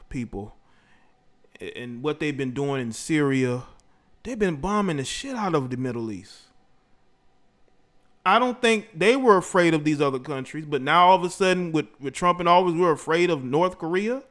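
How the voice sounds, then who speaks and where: Man, somewhat high voice, argumentative livestream host. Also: animated, moderate pace. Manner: shouts out viewers, argumentative. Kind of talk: reaction commentary.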